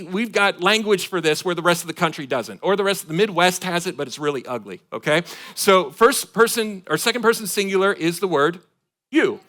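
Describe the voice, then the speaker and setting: A man from Michigan preaching a sermon to his congregation, swinging between loud emphatic points and quiet asides. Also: high-pitched. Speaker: pastor. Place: church sanctuary.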